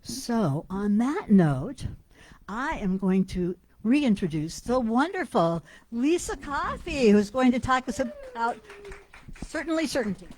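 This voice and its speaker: A woman practitioner opening a church service, calm and measured. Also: on the high side, poor audio.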